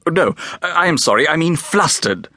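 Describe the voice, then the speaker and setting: A man voicing a stern, secretive woman archaeologist who speaks in a formal, curt and hushed way for an audiobook. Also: a little high, lively intonation, normal speed, dry recording, studio quality, pitched above the performer's own voice. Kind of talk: audiobook character voice.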